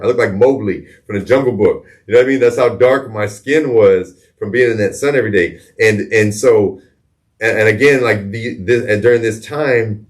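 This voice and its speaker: A middle-aged man hosting a podcast, telling a personal story in a candid, profane way, often repeating words as he searches for them. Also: on the low side. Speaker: podcast host.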